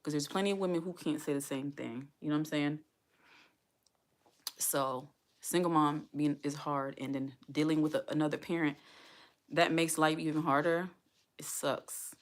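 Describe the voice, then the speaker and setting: A woman's voice: deep voice, fairly even intonation, moderate pace. A woman vlogging as a single mom, talking earnestly and heartfelt to her viewers and repeating herself for emphasis. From United States. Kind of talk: casual livestream talk to viewers.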